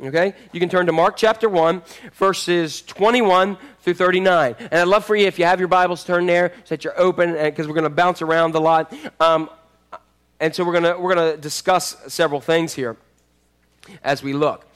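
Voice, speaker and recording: A man preaching a sermon as pastor, animated and acting out the voices of people in the story. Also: sits high, moderate pace, smooth.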